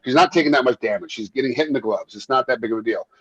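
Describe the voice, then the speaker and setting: A man who works as a fight referee and once fought himself, telling stories in a casual interview, animated and quick to repeat himself and laugh. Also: mid-range voice, slightly rough, no room sound, lo-fi sound. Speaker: MMA referee and former fighter.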